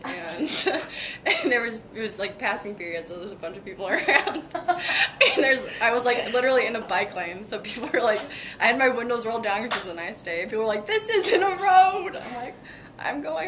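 A young woman, a college goalkeeper, tells a story in a giggly, animated way with lots of fillers. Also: mid-range voice, background noise. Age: young adult. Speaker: college soccer goalkeeper, interview guest. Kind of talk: casual storytelling in an interview.

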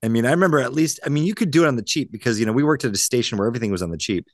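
Animated, laughing male podcast host. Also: mid-range voice, racing, no echo, studio quality. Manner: animated storyteller, laughs often. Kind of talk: casual chat, reading news items.

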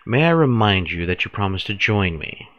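A man voicing a sly painter who coaxes a judge to a dice game, reading game dialogue slowly. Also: on the low side, sing-song, fairly bright tone, dry recording, muffled recording. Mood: coaxing. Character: sly older male painter, smooth persuader.

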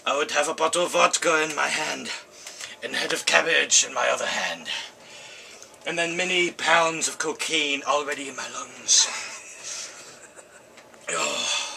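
A man playing a melodramatic, self-pitying Russian villain who is dying, in a put-on Russian accent, with overwrought, drawn-out lamenting in an amateur comedy spoof. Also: fairly high pitch, animated, vocal fry. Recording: distant mic, faint hiss.

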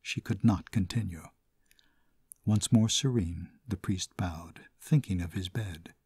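A man narrating a classic short story in a measured, somber way. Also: fairly low pitch, mellow, husky, no echo, clean studio sound. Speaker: audiobook narrator.

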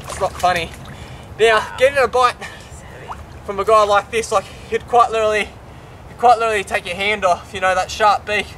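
An Australian man in his younger years presenting from a swamp with a very high-pitched voice. He is out of breath and exuberant, whooping and tossing in casual slang, with faint noise around him. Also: steady tone, moderate pace, bright, forceful tone. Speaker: wildlife adventurer host. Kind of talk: excited on-location presenting. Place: outdoor swamp, in the water.

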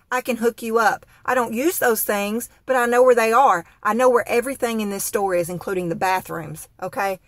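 A woman's voice: a little high, dry recording. A woman telling an exasperated, dramatic comic rant with expressions. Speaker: comedic vlogger.

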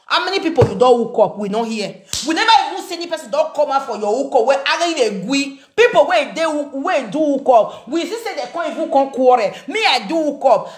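High-voiced scolding Nigerian woman. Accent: Nigerian Pidgin English. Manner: confrontational, mocking, scolding. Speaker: social media commentator. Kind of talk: ranting commentary video. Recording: echoey room.

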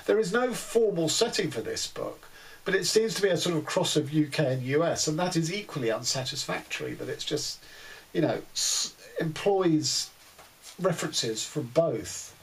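A man's voice: on the high side, lively intonation, normal speed, rough recording. A man giving a casual book review, wry and exasperated, with many fillers.

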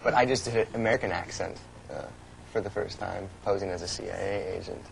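Young male guest, low gravelly voice, halting with fillers; noisy low-fi TV recording. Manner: hesitant, many fillers and restarts. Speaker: actor guest. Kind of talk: casual TV interview.

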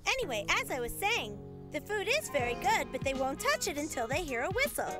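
A woman's voice: high-pitched, very animated, a little fast, over music. A woman voicing a scatterbrained adult dog trainer in a cartoon who keeps mixing up her words. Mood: flustered.

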